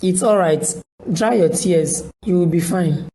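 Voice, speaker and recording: A woman takes on a brusque, disapproving man in an animated film. Her fairly low voice has a Nigerian accent, and she delivers clipped reproaches. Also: unhurried, poor audio. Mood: consoling. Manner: curt, reproachful. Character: stern busy man, harsh and scolding.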